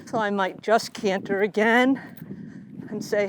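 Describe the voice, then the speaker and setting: A middle-aged woman riding instructor explaining calmly while riding, talking to her horse now and then. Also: mid-range voice, measured pace. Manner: calm, coaching, talks to the horse between explanations. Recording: noisy outdoor recording.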